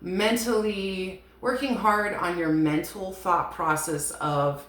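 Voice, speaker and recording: A woman's voice: medium pitch, steady tone, slow, few pauses, fairly bright tone. A woman giving a casual, rambling tarot reading, frank and chatty, swearing now and then. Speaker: tarot reader. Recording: echoey room with faint hiss.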